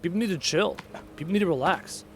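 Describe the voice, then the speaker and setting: High-voiced man ranting emphatically. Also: quick pace, slight background noise. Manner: opinionated, emphatic, repeats key phrases. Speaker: gaming YouTuber and streamer. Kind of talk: casual rant while playing a game.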